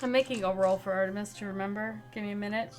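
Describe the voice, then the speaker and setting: A woman running a tabletop role-playing game, quick and animated, with bursts of excitement. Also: mid-range voice, soft background music. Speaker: game master.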